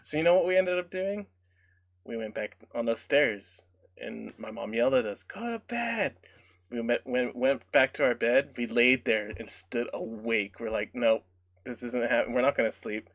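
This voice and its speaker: A man's voice: medium pitch, normal speed, gravelly, dry recording. A man co-hosting a casual podcast, telling ghost stories with lots of laughter. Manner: animated storytelling, laughs often. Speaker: podcast co-host.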